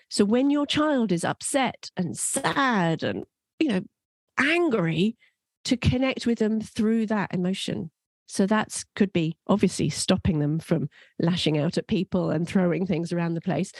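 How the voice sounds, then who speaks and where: A woman's voice: fairly low pitch, no echo. Earnest woman giving parenting advice. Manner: earnest and reassuring, grows animated when describing emotions. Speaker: parenting coach; mother.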